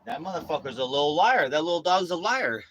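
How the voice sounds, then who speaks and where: A man's voice: fairly high pitch, animated, fairly quick, fairly bright tone, dull audio, slight background noise. A young man chatting casually in a vlog, telling rambling, profane stories outdoors. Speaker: vlogger. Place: outdoors on a city street with his dog.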